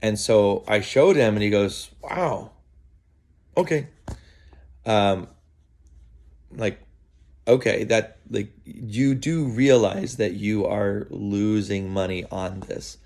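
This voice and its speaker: Man, low voice, casual storytelling, halting, lots of fillers, outdoors. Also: gravelly. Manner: relaxed, halting, many fillers and restarts. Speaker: vlogger. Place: outdoors in the early morning.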